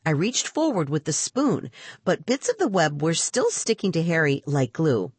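A woman reading a children's storybook aloud in an expressive, unhurried way. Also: sits low, slightly rough, no echo.

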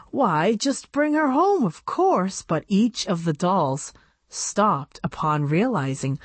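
A woman reading a children's chapter book aloud for a radio reading service, in an expressive storytelling manner. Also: fairly low pitch, no echo.

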